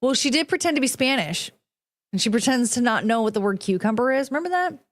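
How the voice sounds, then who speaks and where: A woman hosts her own podcast, reacting to video clips with blunt, profane commentary. She slips into mocking impressions of the people she watches. Her voice sits a little high. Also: animated, fast talker. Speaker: podcast host.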